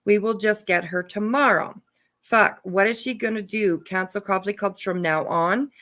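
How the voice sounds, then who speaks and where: Speaking at normal speed in a mid-range voice with a fairly bright tone, this woman casually reads court documents aloud as an online drama commentator. She keeps interrupting the reading with laughing asides full of profanity.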